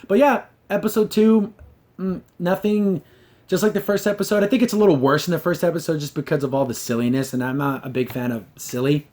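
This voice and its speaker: Young guy ranting about a cartoon ep, kinda high voice, snarky, does little silly voices. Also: a little mellow. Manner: sarcastic, mocks scenes with quick put-on voices. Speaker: host reviewing a cartoon episode. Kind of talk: casual spoken review.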